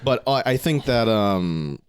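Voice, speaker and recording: A man's voice: medium pitch, animated, takes it slowly, clear, resonant tone, no echo, clean studio sound. A young man co-hosting a podcast, rambling and restarting his sentences, swearing casually. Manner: rambling, self-interrupting, swearing. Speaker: podcast co-host. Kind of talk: casual chat.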